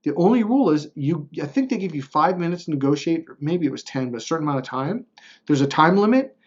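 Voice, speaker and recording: A man's voice: fairly high pitch, expressive, fast, darkish tone, muffled recording. Blunt, swearing man telling a story. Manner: blunt and profane, swearing freely; rambling, with restarts and frequent "right?". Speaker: motivational speaker. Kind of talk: casual personal storytelling.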